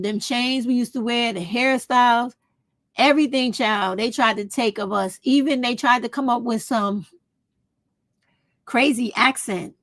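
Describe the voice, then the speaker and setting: A woman's voice: on the high side, no echo. A woman, talking straight to her viewers in a casual opinion vlog, blunt and profane. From United States. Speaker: vlog host.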